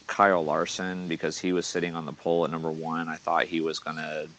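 A man recapping his fantasy picks in relaxed podcast chat. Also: rumbling low, brisk, a little hiss or hum. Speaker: podcast co-host. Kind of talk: casual sports podcast chat.

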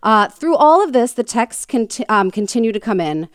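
A woman's voice: fairly high pitch, sing-song, moderate pace, dry recording. Woman podcast host, chatty true-crime storyteller, filler-heavy and jokey, dry close sound. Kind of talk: casual storytelling chat.

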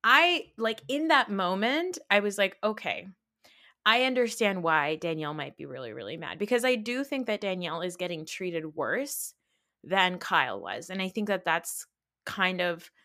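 A woman's voice: on the low side, normal speed. A woman hosting a podcast, recapping reality TV in a casual, indignant rant full of "like" and rhetorical questions. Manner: indignant, animated ranting with frequent "like". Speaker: podcast host.

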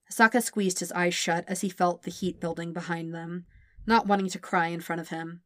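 A woman reading a fan fiction audiobook in a steady, gentle storytelling manner. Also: fairly low pitch, moderate pace, no room sound, studio quality. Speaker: podfic reader.

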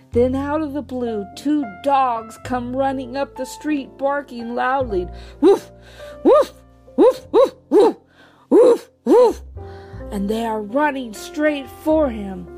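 A woman with a high voice reads a children's story aloud, taking her time over every line. Her delivery is gentle and unhurried, with faint music playing underneath. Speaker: storybook reader.

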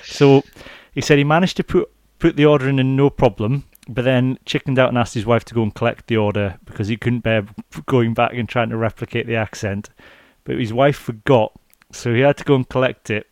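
A man's voice: mid-range voice, steady tone, fairly quick, a little mellow, dry recording, studio quality. A Scottish man hosting a rugby podcast in casual chat, reading out listener messages with lots of ums. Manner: chatty, many ums, reads out listener messages. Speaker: podcast host.

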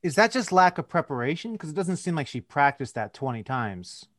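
A man's voice: on the high side, big pitch swings, a little fast, a bit bright, dry recording, clean studio sound. A male podcast host asking questions and cracking wry jokes in casual conversation. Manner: joking, asks questions, wry.

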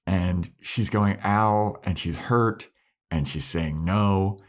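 Low-voiced man recapping an episode. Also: slow, husky. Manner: retells scenes acting out lines in quotes. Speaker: podcast co-host. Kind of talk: casual recap chat.

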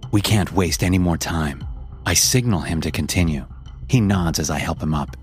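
A man narrating a first-person horror story in a tense, measured way. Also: deep voice, soft background music.

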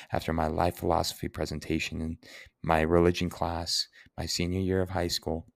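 A young man, hosting a Q&A and answering personal listener questions in an earnest, heartfelt way. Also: deep voice. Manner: earnest, heartfelt, explains word origins. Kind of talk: reflective Q&A monologue.

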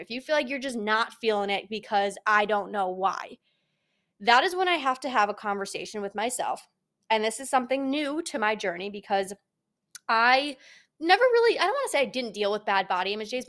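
A young woman talks through her solo podcast in a casual, candid way. Her voice sits slightly high, and she is blunt and lively, with plenty of profanity. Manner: blunt, frank and profane, animated. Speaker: podcast host.

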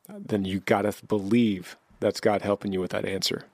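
Here a man hosting a podcast gives heartfelt guidance to a listener, circling back to repeat and restart what he says. The voice is lowish with little pitch movement and a normal speed, captured in a dry, studio-quality recording.

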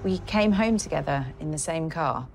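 A woman in a documentary interview, recounting her experience haltingly with many "like"s and "you know"s. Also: low voice, animated, vocal fry, noisy background.

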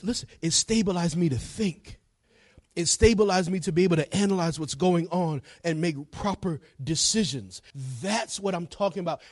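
Man preaching, middle-aged, fairly high voice, close dry mic, hushed then shouting. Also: slightly rough, dry recording. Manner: storytelling, swings from hushed to shouting. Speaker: evangelist preacher. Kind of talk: sermon.

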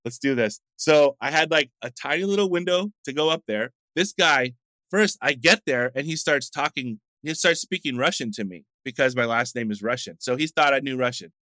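A middle-aged man from the United States tells casual, rambling stories as an interview guest. His voice is bright and forward. The sound is dry, with no room echo. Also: mid-range voice, moderate pace. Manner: chatty, rambling anecdotes with frequent fillers. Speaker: coffee shop founder, guest.

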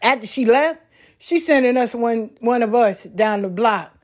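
A woman talking casually on a back porch outdoors, telling stories in a folksy, animated way. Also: a little high, measured pace. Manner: folksy, animated storytelling with laughs. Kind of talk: casual monologue.

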